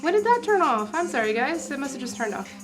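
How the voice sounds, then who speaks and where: A young adult woman hosting a casual livestream from her tea room, chatty and bubbly, quick to laugh and apologize. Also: sits high, big pitch swings, soft background music. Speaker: tea stream host.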